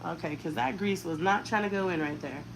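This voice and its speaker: A woman's voice: lowish voice, a little fast, creaky, slight background noise, low-quality recording. A woman in her thirties, a mother chatting frankly in a slangy, talkative way while she does her daughter's hair. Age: 30s. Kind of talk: casual chat while styling hair.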